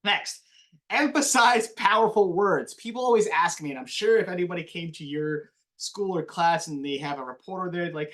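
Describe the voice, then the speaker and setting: A man who works as a TV news anchor, giving a casual classroom lecture on voiceover with animated, quick talk and a slight mumble. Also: on the high side.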